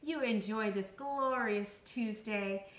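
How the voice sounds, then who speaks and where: A woman's voice: fairly high pitch, takes it slowly, echoey room, distant mic. A woman hosting a casual sewing product review vlog in a chatty, jokey way, speaking to viewers as her friends.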